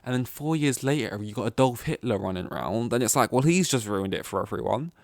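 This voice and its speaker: A man's voice: mid-range voice, lively intonation, brisk, no echo, clean studio sound. A young man hosting a solo podcast, rambling through tangents with many restarts. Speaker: podcast host.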